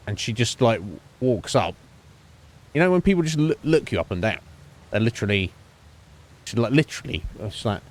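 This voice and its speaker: A young man streaming, telling a profane, animated story about a coffee job and acting out the people in it. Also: medium pitch. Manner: profane, animated ranting with voiced quotes. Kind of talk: ranting story while streaming a game.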